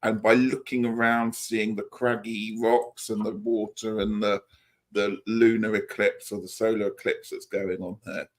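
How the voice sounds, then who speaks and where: A man's voice: fairly low pitch, level tone, a little slow. A man co-hosting a live tarot show, talking with enthusiasm about the stories in the cards. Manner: enthusiastic, storytelling. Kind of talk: casual chat on a live stream.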